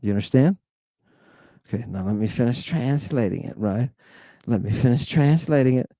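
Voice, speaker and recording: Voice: medium pitch, lively intonation, moderate pace, warm tone, no room sound. A lecturer and host giving a livestreamed lesson on ancient Greek words, emphatic and blunt, checking in with constant rhetorical questions. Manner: provocative and blunt, with exclamations.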